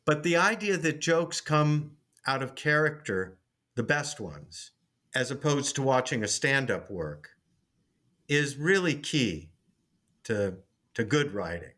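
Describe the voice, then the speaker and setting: A man's voice: mid-range voice, lively intonation, slow pace, bright, forceful tone. A man, a sitcom writer and teacher, telling a story in an interview, with frequent restarts.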